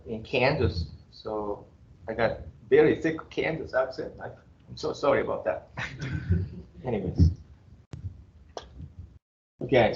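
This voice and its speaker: Japanese-accented man lecturing in a roomy classroom. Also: mid-range voice. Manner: blunt, joking, chuckles between remarks. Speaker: engineering professor. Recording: roomy, dull classroom recording.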